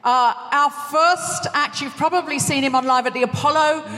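A woman's voice: sits high, fairly even intonation, normal speed, bright, forceful tone. A woman co-hosting a live comedy show on stage, bantering playfully with her co-host and introducing acts. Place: large concert hall with audience. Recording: live hall reverb.

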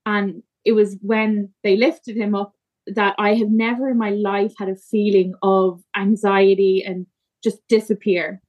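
Female guest, mid-pitch, halting emotional storytelling, lots of "like". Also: flat delivery, lo-fi sound. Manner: emotional, halting, frequent fillers. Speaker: podcast guest. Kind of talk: personal storytelling in conversation.

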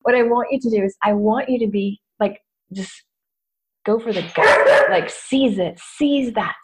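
A woman's voice: fairly high pitch, measured pace, very noisy. A woman hosting a self-help podcast, talking in a chatty, candid, self-mocking coaching way. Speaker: podcast host. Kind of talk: casual self-help talk.

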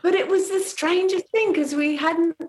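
A middle-aged woman from Trinidad, a podcast guest telling a personal story in a lively way, laughing often and acting out what people said. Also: very high-pitched, normal speed. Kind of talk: storytelling in casual chat.

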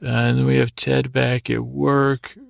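A man with a heavily gravelly, fry-laden voice and a flat, even delivery rambles through a bedtime recap. He meanders, stalls and restarts often. The sound is close and very dry. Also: medium pitch, no echo. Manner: meandering, halting retelling with many restarts. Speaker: sleep podcast host.

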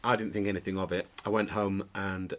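A man's voice: deep voice, level tone, brisk, fairly bright tone, a little hiss or hum. A man, a pantomime dame actor, chatting as a podcast guest, telling jokey anecdotes with frequent restarts and bursts of laughter. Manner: storytelling, jokey, many restarts, breaks into laughter. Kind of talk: casual chat, anecdotes. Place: indoor podcast recording.

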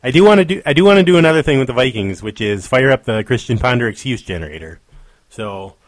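A man with an ordinary mid-pitched voice who co-hosts a casual sports podcast. He talks in an easygoing way and steers the chat onto new topics. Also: lively intonation, quick pace, dry recording. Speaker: podcast co-host.

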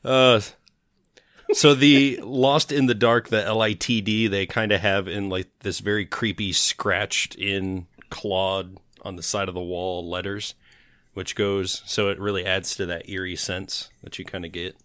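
Low-voiced man co-hosting a podcast. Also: steady tone, a little slow, a bit bright, no echo, clean studio sound. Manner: joking, reads out beer labels. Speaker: podcast co-host. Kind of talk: casual chat.

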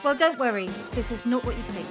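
This is a woman originally from Switzerland, co-hosting a relaxed chat podcast. She tells her story in a friendly, chatty way, breaking into laughter often. Her voice sits slightly on the high side. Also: brisk, music in the background. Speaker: podcast co-host. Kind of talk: casual chat.

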